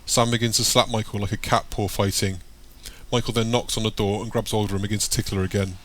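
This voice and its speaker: A man's voice: lowish voice, level tone, fast talker, a bit bright. Man reading an audiobook. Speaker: audiobook narrator. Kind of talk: audiobook narration.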